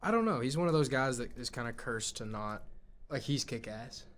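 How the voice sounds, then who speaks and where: A young man co-hosting a casual film podcast, jokey and excitable. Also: mid-range voice, normal speed, slight background noise. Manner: jokey, excitable, bursts into silly shouts. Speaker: podcast co-host.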